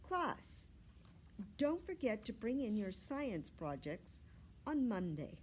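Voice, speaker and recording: A woman reading a storybook aloud, voicing a patient, firm woman schoolteacher who gently corrects her class. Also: a little high, big pitch swings, slow pace, a little hiss or hum, voice pushed up. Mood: calm.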